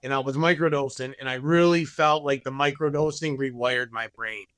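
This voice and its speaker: A man's voice: medium pitch, fairly even intonation, moderate pace, fairly bright tone, no echo. A man, a podcast guest, telling his story candidly and acting out other people's lines. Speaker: podcast guest, business owner.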